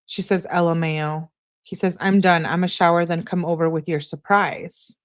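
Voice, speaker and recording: A woman's voice: on the low side, fairly even intonation, normal speed. A woman hosting a true crime channel, reading text messages aloud in a plain way and spelling out abbreviations letter by letter.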